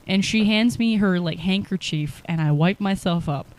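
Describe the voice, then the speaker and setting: A woman's voice: mid-range voice, normal speed, darkish tone. A young woman telling a rambling personal story to the camera, laid-back and full of fillers. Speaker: vlogger.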